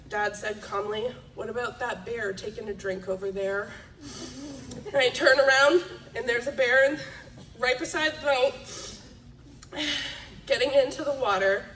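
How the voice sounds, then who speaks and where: A woman's voice: on the high side, a bit bright, slight background noise. A young woman reading a eulogy for her parents at a memorial, emotional and laughing through tears. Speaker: daughter giving a eulogy. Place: memorial gathering hall. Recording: echoey room, mic from a distance.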